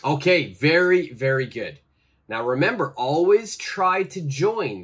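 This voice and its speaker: A man teaching English pronunciation, leading slow repeat-after-me drills with deliberate, exaggerated pronunciation and encouraging praise. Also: fairly high pitch, animated, a bit bright, slightly rough.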